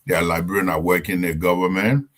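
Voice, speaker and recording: Casting: very low, deep Liberian male guest, halting delivery with lots of fillers. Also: fairly even intonation, fairly bright tone. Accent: Liberian English. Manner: deep voice, hesitant with many fillers. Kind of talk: casual talk show chat.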